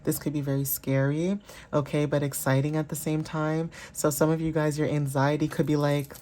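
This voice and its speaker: A woman's voice: low voice, flat delivery, normal speed, warm tone, a little hiss or hum. A woman giving a casual, chatty tarot reading, full of fillers and often checking in with her listeners. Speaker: tarot reader.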